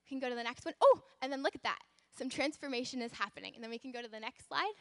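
Bright, animated woman teaching children. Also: sits high, racing, no room sound. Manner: animated, exclamatory, encouraging. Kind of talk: children's lesson and storytelling.

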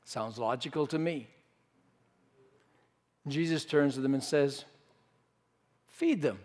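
A man's voice: medium pitch, a little slow. A man preaching a sermon, telling a story and acting out the disciples' voices. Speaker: pastor. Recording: reverberant hall.

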